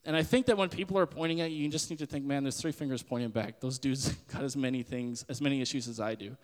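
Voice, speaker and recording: A young man hosting a podcast, giving a casual sermon-style Bible talk in an animated way and acting out the voices he quotes. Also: medium pitch, fast talker, big-room sound. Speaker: podcast host.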